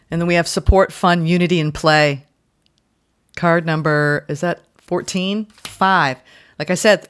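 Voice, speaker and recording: A woman's voice: on the low side, clear, resonant tone. A woman giving a casual tarot reading. She is emotional and effusive, exclaiming and repeating phrases as she reads card text aloud. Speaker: tarot reader.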